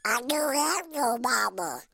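A man in his nineties voicing a small timid cartoon duck in a high, squeaky, breathy voice. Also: expressive, measured pace, sharp tone, heavily acted. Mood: plaintive. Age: 90s.

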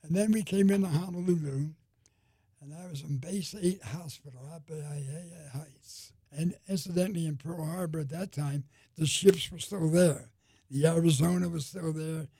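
A man's voice: on the high side, normal speed, warm tone, no echo. An older man, a war veteran, recalling his wartime past in a rambling oral history. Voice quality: gravelly, husky voice.

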